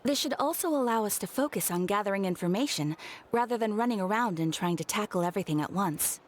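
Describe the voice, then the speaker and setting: A woman voicing a polite, businesslike female guild receptionist in a game, with a crispy, hissing sound on her voice. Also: mid-range voice, lively intonation, quick pace, natural voice.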